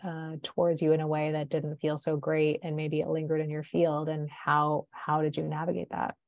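A woman speaks in a notably low register as she hosts a podcast. Her delivery is emphatic and conversational, with frequent tag questions. The recording is dry and close, with no room sound. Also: monotone, moderate pace, dry recording, lo-fi sound. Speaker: podcast host.

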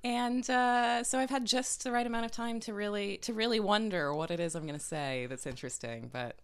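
A woman's voice: medium pitch, fairly quick, clear, resonant tone. A woman in her thirties, a podcast guest chatting casually, hesitant with many ums and restarts. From California. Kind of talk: casual chat.

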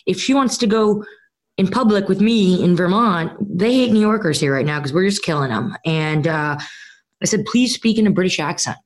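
A young woman hosts a comedy podcast from home, her voice sitting a little low. She teases her guest with dry, deadpan jokes. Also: normal speed. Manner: teasing, deadpan joking. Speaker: podcast host. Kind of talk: casual comedic chat. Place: home dining room.

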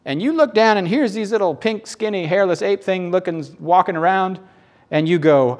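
A man with a Southern American accent preaching a sermon in an animated, playful, emphatic way. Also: sits high, normal speed.

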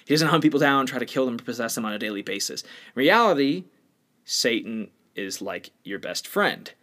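A blunt, opinionated man chatting casually on a podcast. His voice has an ordinary, middle pitch, and he lectures a little, with lively swings from loud emphasis to quiet, low asides. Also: fairly quick. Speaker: podcast co-host.

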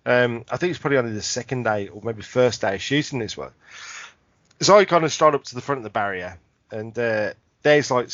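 A man's voice: medium pitch, fairly bright tone, dry recording, muffled recording. A man, co-hosting a podcast and rambling through a funny anecdote, laughing and swearing often. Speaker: podcast co-host. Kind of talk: casual chat.

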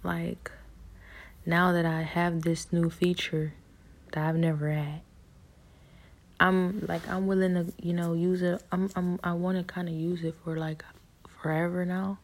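A young woman giving a personal faith testimony in a soft, whispery, halting way, with many fillers and restarts. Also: lowish voice, flat delivery.

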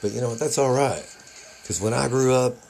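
Gravelly, profane man ranting as a drummer. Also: medium pitch, fairly quick, a little mellow, slight background noise, rough recording. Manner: profane, heated, rambling. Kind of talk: confessional vlog rant.

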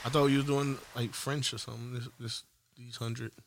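A man's voice: medium pitch, level tone, brisk. Male co-host, dry teasing comebacks, hiss in the background. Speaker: podcast co-host. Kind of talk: casual podcast banter.

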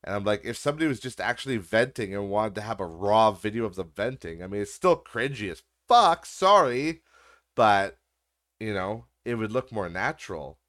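A man's voice: on the low side, expressive, moderate pace, a bit bright. A man hosting a podcast, ranting sarcastically in a casual way and swearing freely. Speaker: podcast host. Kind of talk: casual rant.

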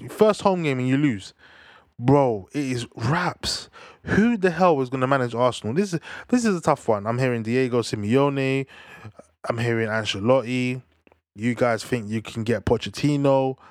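A young man ranting casually about football, animated and slangy, tagging "bruv" onto his lines. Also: medium pitch, no echo, studio quality. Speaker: football fan commentator. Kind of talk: casual rant to camera.

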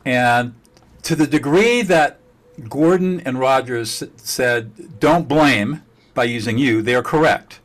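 A blunt man talking as an expert guest, forceful and dismissive, hammering points home with repetition. His voice sits at an average pitch for a man, and his talk is emphatic and a little profane. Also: takes it slowly. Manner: slightly profane. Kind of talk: emphatic conversation.

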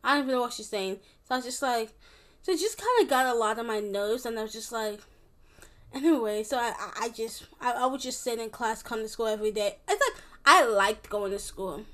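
A woman's voice: on the high side, fairly quick, a bit bright. A young woman telling a personal story to the camera in a casual, rambling way, with many restarts and fillers. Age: young adult. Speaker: vlogger.

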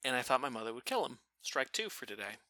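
A man casually telling a funny family story, animated and profane, laughing now and then. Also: mid-range voice, fast, no room sound. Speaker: storyteller guest.

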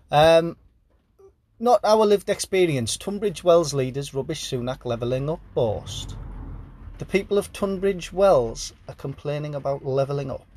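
A man's voice: fairly high pitch, mellow. A sleep-deprived man hosting a podcast, reading headlines aloud and riffing on them in a rambling, jokey way. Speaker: podcast host. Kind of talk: casual news commentary.

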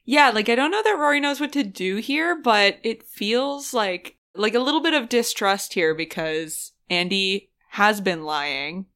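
Bright, hesitant woman playing a tabletop game. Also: mid-range voice, a little slow, hardly any pauses, clear, resonant tone. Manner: hesitant, filler-heavy. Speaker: player. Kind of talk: tabletop role-play chat.

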